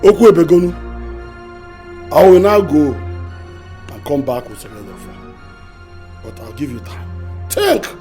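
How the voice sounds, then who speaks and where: An actor with a Nigerian accent playing a stern palace elder who confronts the royal family and demands answers. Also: male voice, on the high side, very animated, a little slow, pauses often, warm tone, soft background music. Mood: warning. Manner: confrontational and commanding. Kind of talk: Nollywood film acting.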